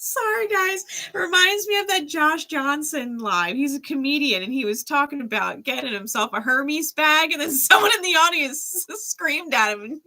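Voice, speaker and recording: Bright, chatty woman tarot reader. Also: sits high, animated, normal speed, few pauses. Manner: casual, chatty, laughs often, frequent "right?". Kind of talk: live-stream reading and chat.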